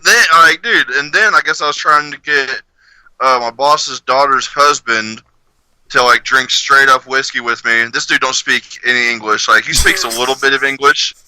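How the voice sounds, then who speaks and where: A man's voice: medium pitch, normal speed, bright, forceful tone, smooth, no echo, rough recording. A man co-hosting a podcast, telling stories in a casual, profane, laughing way. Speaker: podcast co-host. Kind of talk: casual chat, storytelling.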